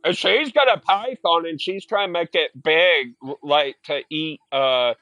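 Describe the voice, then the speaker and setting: A man's voice: fairly high pitch, a little slow, sharp tone, dry recording, faint music behind. A young man streaming a game, telling rambling, profane stories in casual chat. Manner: rambling, profane storytelling with filler words. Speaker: gaming streamer. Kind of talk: casual chat while gaming.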